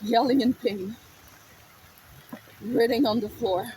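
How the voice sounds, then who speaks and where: A woman's voice: mid-range voice, unhurried, a little mellow, slight background noise, low-quality recording. A woman telling a personal story in a raw, emotional, profane way.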